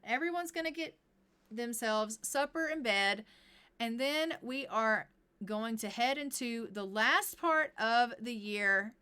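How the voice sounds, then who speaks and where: Brief: chatty woman gameplay streamer, bright voice, a bit high. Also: slow, clean tone. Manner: chatty, narrates what her characters say. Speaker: game streamer. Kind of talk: live gameplay commentary.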